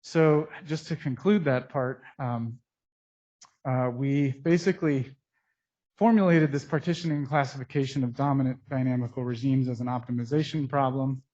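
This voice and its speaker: Guy giving a science talk at a mic, average pitch, lots of pauses, kinda dull lo-fi audio. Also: steady tone, warm tone. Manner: technical, halting with frequent pauses. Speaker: scientist presenting research. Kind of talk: conference lecture. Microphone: speaking into a mic. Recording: dull, muffled through a face mask.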